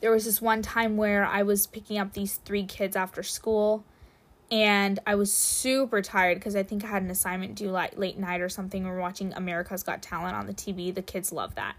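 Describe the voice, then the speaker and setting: A woman's voice: medium pitch, flat delivery, a little fast. A young woman telling a casual anecdote about babysitting, acting out the quotes and laughing often. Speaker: storyteller.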